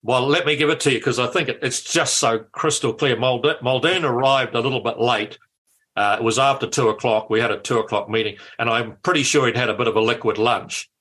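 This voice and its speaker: Lively older man. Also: medium pitch, a little fast. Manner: lively storyteller, repeats words at starts. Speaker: former politician, guest. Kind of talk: anecdotal interview chat.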